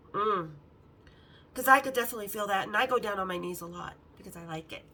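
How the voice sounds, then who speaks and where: A woman hosting a podcast, telling candid, bawdy stories in a lively, casual way and acting out the other people in them. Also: medium pitch, fast, rough recording. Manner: lively, acts out the others' lines in her story. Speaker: podcast host. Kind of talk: casual storytelling.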